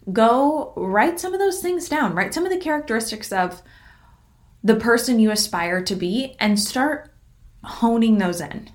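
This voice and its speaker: A young woman speaks on her own in a casual motivational podcast. She sounds upbeat and encouraging, often says "like" and drops a swear word now and then. She keeps a friendly, conversational tone throughout. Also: medium pitch. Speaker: podcast host. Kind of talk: casual motivational solo talk.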